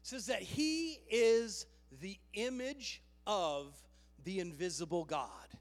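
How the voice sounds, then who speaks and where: A man preaching a sermon with a very high voice, rallying his listeners with emphatic calls. He sounds a little out of breath. His voice rings with the long reverb of a church hall. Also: lively intonation, slow pace, soft background music. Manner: emphatic, rallying with "Amen?" and "Come on". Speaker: pastor.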